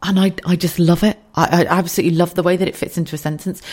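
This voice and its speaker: A woman's voice: on the low side, very fast. A woman in her thirties from the UK, hosting a casual solo podcast from her kitchen, chatty and candid with frequent swearing and asides. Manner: chatty, swears freely, animated asides and laughs. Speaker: podcast host. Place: home kitchen.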